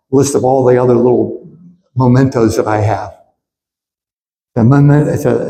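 A man's voice: a little high, warm tone, slight background noise. A man preaching a sermon as pastor, earnest and emphatic, often repeating words as he builds to his points. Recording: echoey hall with faint ambience.

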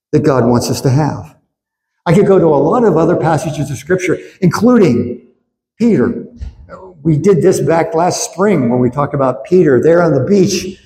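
A man's voice: on the high side, mellow, a little hiss or hum. A man preaching a sermon as pastor, earnest and emphatic, often repeating words as he builds to his points. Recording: echoey hall with faint ambience.

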